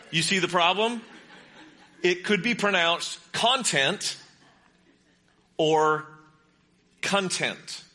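A man's voice: a little high, sharp tone. A pastor preaching a sermon in a conversational way, asking his congregation questions. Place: church sanctuary with congregation.

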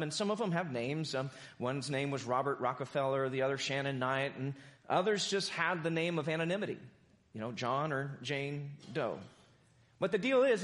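A male pastor delivers a lively sermon to his congregation. His voice sits high for a man. He mixes jokes into the preaching and keeps calling for amens. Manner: animated, joking preacher with congregation call-and-response. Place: church sanctuary.

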